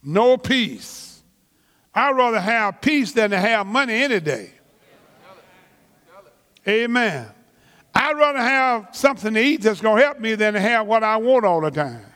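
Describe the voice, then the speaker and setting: Slow, high-voiced preacher man, churchy reverb. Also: lively intonation, a bit bright. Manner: slow, emphatic preaching with drawn-out words and repetitions; colloquial vernacular grammar. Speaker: pastor. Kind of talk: sermon.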